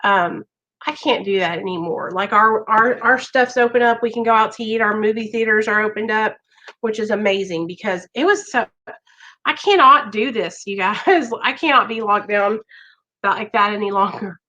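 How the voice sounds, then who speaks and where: Woman, live-stream host, casual chat, earnest, reassuring, bright tone. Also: mid-range voice, normal speed, muffled recording. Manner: earnest and reassuring, talks straight to viewers. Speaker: recovery livestream host.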